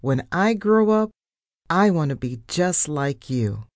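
A woman plays a pushy young female mouse reporter who talks her way into anything. She is brash and cheeky, her low voice bouncing through lively rises and falls. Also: slow, no echo, clean studio sound, heavily acted. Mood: chatty.

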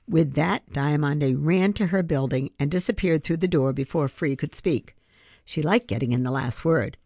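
A woman reading a children's chapter book aloud, telling the story in an expressive storyteller's way and calling out the page numbers. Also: deep voice, normal speed, no echo, clean studio sound. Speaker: reader.

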